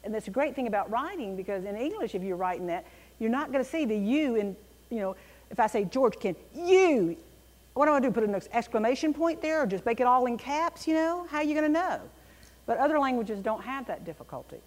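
A woman teaching a Bible class in an animated, emphatic way, with a reverberant room around her. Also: on the high side, quick pace.

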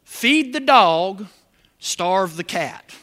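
A man preaching a sermon as pastor, animated, with call-and-response questions to the congregation. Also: high-pitched, drawn-out words.

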